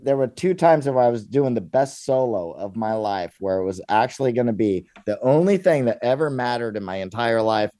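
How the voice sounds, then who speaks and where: Excitable man, mid-pitched, cussing freely. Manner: excitable, profane, quick reactions. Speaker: guest, musician. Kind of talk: casual chat.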